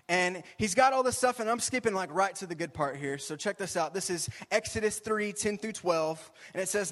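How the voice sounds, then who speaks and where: Lively young man preaching in a hall. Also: sits high, brisk, few pauses. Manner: chatty, animated, says "y'all" and "right?" often. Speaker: youth pastor. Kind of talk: casual sermon. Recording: long hall reverb.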